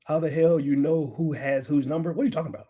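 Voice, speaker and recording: A man's voice: on the high side, fairly even intonation, fast talker, warm tone. A middle-aged man hosting a livestream, lecturing and arguing with viewers in a combative, profane rant. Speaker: livestream host. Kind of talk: ranting livestream commentary.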